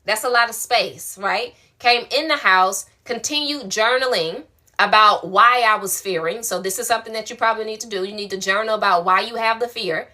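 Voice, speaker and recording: A woman's voice: mid-range voice, a little fast, pushed and bright. A woman coaching viewers on faith during a live stream, reading out their questions and answering in an affectionate, colloquial, encouraging way. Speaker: spiritual coach.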